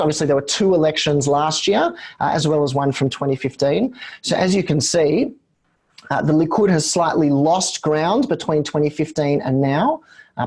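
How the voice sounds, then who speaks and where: Male webinar host, hoarse with a cold, slightly high voice, filler-heavy explainer. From Australia. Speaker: host and executive director. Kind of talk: hosting a webinar.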